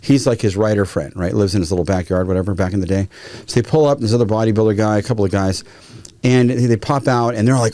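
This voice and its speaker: A man, a guest firearms trainer, telling stories in a casual, animated way and acting out quotes. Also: lowish voice, quick pace. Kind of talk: casual storytelling.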